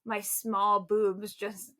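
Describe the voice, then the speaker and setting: Bright-voiced woman telling animated stories. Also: medium pitch, extremely slow. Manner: animated storytelling, laughs often. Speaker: podcast co-host. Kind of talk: casual chat.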